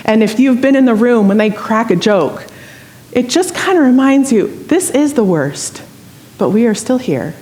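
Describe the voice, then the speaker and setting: Animated woman preaching a sermon. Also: medium pitch. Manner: conversational, animated storytelling with asides to the congregation. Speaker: pastor. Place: church sanctuary.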